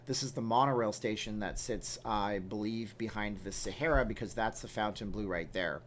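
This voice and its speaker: A man's voice: fairly low pitch, moderate pace, slight background noise. A man hosting a casual livestream from home, reading viewer comments aloud and answering them with wry, joking asides. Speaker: livestream host.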